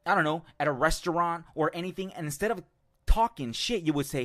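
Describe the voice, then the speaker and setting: A man's voice: on the high side, a little fast, a bit bright. A man hosting an online show and delivering heated, profane commentary on a clip he has just played. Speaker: show host. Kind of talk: ranting commentary on a video clip.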